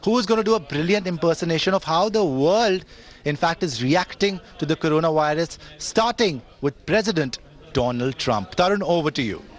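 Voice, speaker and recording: Un presentador de espectáculos con voz aguda, lleno de energía y algo teatral al presentar a su invitado. Habla con ritmo de programa en vivo y un tono vistoso. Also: male voice, on the high side, normal speed. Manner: energetic, showy. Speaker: entertainment show host. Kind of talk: upbeat show introduction.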